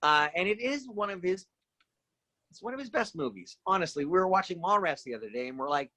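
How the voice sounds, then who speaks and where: A middle-aged man with a bright, forward voice, spinning animated anecdotes as a podcast guest. He jumps into the voices of the people he quotes. The sound is close and dry, with no room around it. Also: high voice, a little fast, no echo. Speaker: guest actor. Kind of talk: casual podcast storytelling.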